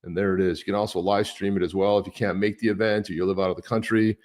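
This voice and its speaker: A man's voice: low-pitched, little pitch movement, quick pace, darkish tone. A man co-hosting a live stream, chatting casually and upbeat, greeting viewers by name. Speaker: podcast co-host.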